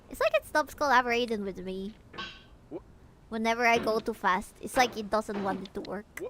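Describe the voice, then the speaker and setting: This young Peruvian woman speaks with a Peruvian Spanish accent, her voice fairly high and a little bright at a moderate pace. As a VTuber, she chats playfully with her stream chat and giggles along, with slight noise in the background.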